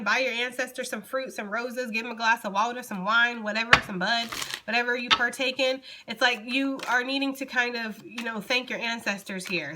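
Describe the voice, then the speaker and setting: Woman tarot reader, young, loose and chatty, bright forward tone, faint hiss behind. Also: a little high. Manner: chatty, loose, talks straight to viewers. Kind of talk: casual tarot reading to camera.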